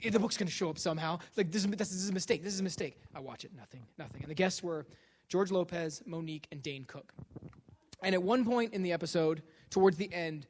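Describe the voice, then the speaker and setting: Male lecturer, high voice, animated comic storyteller who acts out the people he quotes. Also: slightly rough. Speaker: guest lecturer and author.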